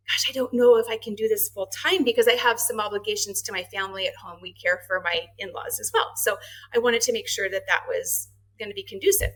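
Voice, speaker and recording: A middle-aged woman speaking as a guest in a casual interview. She tells her story in an animated way, slips into the voices of the people she quotes and laughs easily. Her voice sits in an ordinary middle pitch for a woman. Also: low-quality recording. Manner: animated, acts out quoted dialogue, laughs often. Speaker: marketing and HR head, podcast guest.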